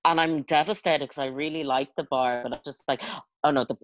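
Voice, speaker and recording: A woman's voice: sits low, fairly even intonation, a little fast, no room sound, lo-fi sound. A woman chatting casually, rambling and self-conscious with many fillers. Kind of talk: casual chat.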